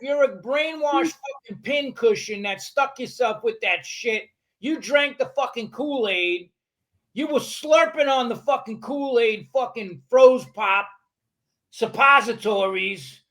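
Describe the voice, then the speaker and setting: A man's voice: very high-pitched, slow pace, pushed and bright. An older man from New York City with a New York accent, a podcast guest talking bluntly, profanely and combatively in casual conversation. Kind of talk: casual interview chat.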